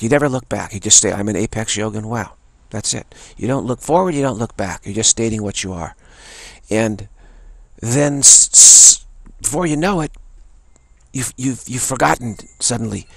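A man giving an earnest spiritual teaching talk, repeating phrases and softly chanting a mantra. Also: medium pitch, creaky, no echo.

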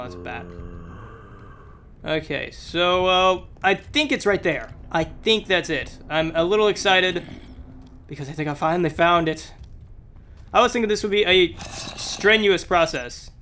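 A young man doing let's play commentary, excitable and exclamatory, a little sick with a sore throat. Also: high-pitched, normal speed, a little hiss or hum. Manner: excitable, exclamatory, talks to the game. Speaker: gameplay commentator.

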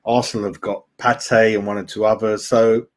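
This host's voice sits on the low side, with little pitch movement and a moderate pace. During his live football fan stream he chats in a matey way, calling viewers mate and reading out their comments as they come in.

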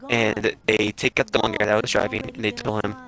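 A man's voice: on the low side, little pitch movement, brisk, vocal fry, fairly bright tone, poor audio. A young man casually telling a long story on a live stream, rambling along with lots of filler "like"s. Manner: rambling, with many filler likes and chuckles.

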